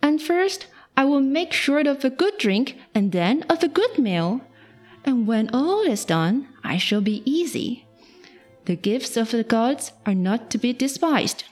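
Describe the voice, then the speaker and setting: Lady doing a sneaky greedy young cook girl, sly and coaxy, high and bouncy voice, storybook style. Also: sing-song, unhurried, soft background music. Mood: scheming. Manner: scheming, coaxing asides.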